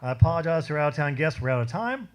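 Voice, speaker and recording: Fast-talking male emcee. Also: very animated, slight background noise. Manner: apologetic, hurried, then booming introduction. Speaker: emcee of the memorial show. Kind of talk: stage emcee patter. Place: comedy club stage.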